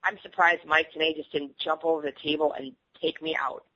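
A woman guest in a candid interview, telling stories in an animated way and laughing often. The sound is muffled, like radio audio. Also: low-pitched, brisk, slight background noise.

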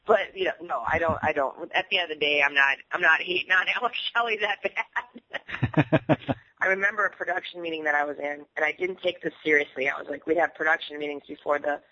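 A woman guest in a candid interview, telling stories in an animated way and laughing often. The sound is muffled, like radio audio. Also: sits low, fairly quick.

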